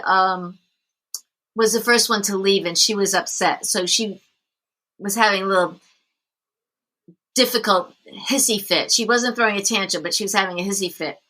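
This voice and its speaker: A middle-aged woman, a parenting coach, telling a story in a casual interview, animated and often laughing. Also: mid-range voice, normal speed, pauses often, poor audio.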